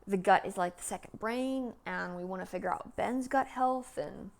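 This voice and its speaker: A woman in her early thirties talking casually and at length in a vlog, meandering with lots of "like"s and sighs, sometimes sinking to a soft near-whisper. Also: medium pitch, normal speed, creaky, slight background noise. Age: 30s. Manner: chatty, meandering, many "like"s and sighs. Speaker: vlogger.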